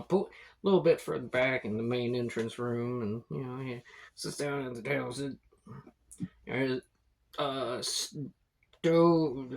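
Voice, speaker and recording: A man narrating a tabletop game as game master, in a laid-back, rambling way with fillers and swearing. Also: mid-range voice.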